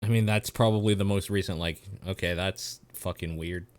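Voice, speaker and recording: Lowish voice guy cohosting a podcast, chill, swears a bit, dry close sound. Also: fairly even intonation, moderate pace, no room sound. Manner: laid-back, swears casually. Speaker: podcast co-host. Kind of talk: casual podcast chat.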